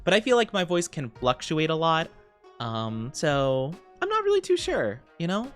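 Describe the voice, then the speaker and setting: A man's voice: fairly high pitch, huge pitch swings, normal speed, fairly bright tone, faint music behind. A young man streaming casually, chatting with viewers in a rambling way, with frequent laughs and fillers. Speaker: VTuber streamer. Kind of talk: casual live-stream chat.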